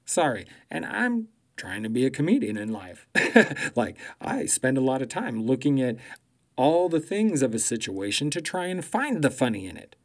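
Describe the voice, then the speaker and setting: Guy ranting like a comedian, swears nonstop, loud and mocking, cracks himself up. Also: medium pitch, sing-song, normal speed. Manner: swears constantly, loud and mocking, laughs at own jokes. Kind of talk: profane comedic political rant.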